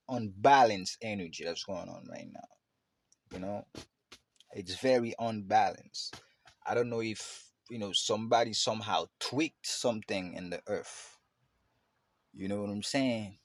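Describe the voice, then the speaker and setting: In a casual, reflective monologue, a male podcast host talks in a rambling way, full of fillers and restarts. His voice is on the low side, gravelly and husky, with no echo.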